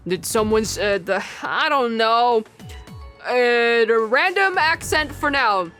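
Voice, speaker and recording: Woman streamer, slight lisp, bubbly game commentary, higher voice. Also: slow pace, soft background music. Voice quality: slight lisp from heavy de-essing. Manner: chatty and animated, with goofy asides. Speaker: let's play host. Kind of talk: casual gameplay commentary.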